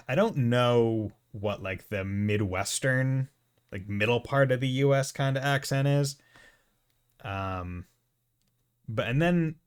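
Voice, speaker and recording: A man's voice: mid-range voice, animated, unhurried. Rambling New England man. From United States. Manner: rambling, laughs often, mimics accents. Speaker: let's play host. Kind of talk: casual game commentary.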